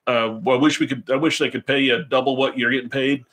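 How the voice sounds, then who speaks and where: A man's voice: medium pitch, fairly even intonation, fast talker, fairly bright tone. Joking, rambling older man host. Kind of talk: casual live-stream chat.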